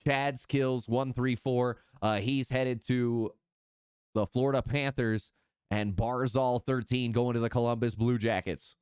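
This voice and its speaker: A man hosting a live-streamed draft, announcing picks in a relaxed, upbeat way. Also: mid-range voice, unhurried, clear, resonant tone, no echo, clean studio sound. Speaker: draft host.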